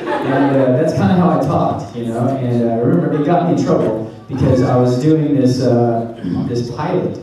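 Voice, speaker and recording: A man's voice: medium pitch, moderate pace, hardly any pauses, recorded from a distance. A male voice actor at a convention panel Q&A, telling rambling stories and making fun of himself. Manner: joking, self-mocking, rambling storyteller. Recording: echoey hall, mic heard from afar, noisy.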